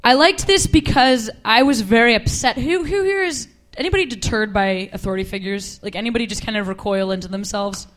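A young woman doing a stand-up comedy set on a club stage, wry and deadpan with quick asides. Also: fairly high pitch. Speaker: stand-up comic.

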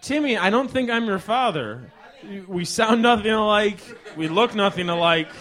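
A man in his thirties hosting a comedy podcast, trading deadpan comebacks in improvised banter. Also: high voice, a faint crowd. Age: 30s. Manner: playful, quick deadpan comebacks. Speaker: podcast host.

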